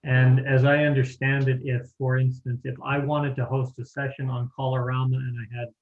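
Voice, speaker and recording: A man's voice: mid-range voice, level tone, normal speed. A man who is a square dance caller, chatting in a friendly, enthusiastic way on a video call. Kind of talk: casual chat on a video call. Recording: roomy, dull call audio.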